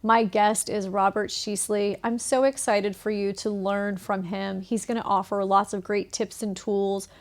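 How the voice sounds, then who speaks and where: A woman's voice: mid-range voice, little pitch movement, unhurried, hardly any pauses. A woman hosting a podcast, introducing her guest with upbeat enthusiasm. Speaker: podcast host. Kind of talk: casual interview.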